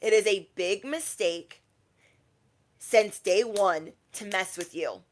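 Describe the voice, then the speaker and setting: A woman's voice: medium pitch, takes it slowly. A young adult woman, a tarot reader, talking casually on a livestream and acting out quoted people in shifting voices.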